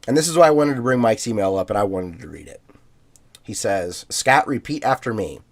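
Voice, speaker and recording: A man co-hosting a podcast in a relaxed way, reading out listener emails with plenty of fillers and easy laughs. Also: fairly low pitch, a little fast. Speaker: podcast co-host.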